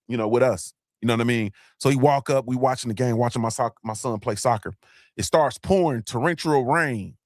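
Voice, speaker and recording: A man's voice: medium pitch, dry recording, clean studio sound. A man hosting a motivational live-stream talk, emphatic and blunt, repeating his points and cussing freely. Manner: emphatic, repetitive, blunt and profane. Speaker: host.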